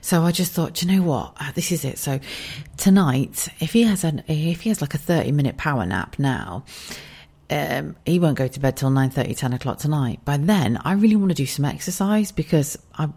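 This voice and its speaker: Husky low-voiced woman, hushed sweary chat at home, frank podcast host. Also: animated, brisk. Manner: hushed, speaking softly so as not to wake a child. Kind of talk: casual chat. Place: home kitchen, indoors.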